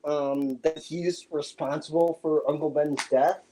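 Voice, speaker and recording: A man's voice: on the high side, steady tone, unhurried, warm tone, a little hiss or hum, rough recording. A man co-hosting a casual movie podcast, mostly agreeing and hesitating with fillers. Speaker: podcast co-host.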